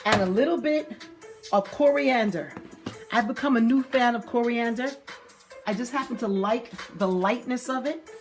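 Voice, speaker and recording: Playful woman demonstrating a stir fry. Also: on the high side, moderate pace. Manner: chatty and playful, with exclamations. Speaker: cooking show host. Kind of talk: casual cooking demonstration. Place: kitchen at a hot stove. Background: sizzling pan and music.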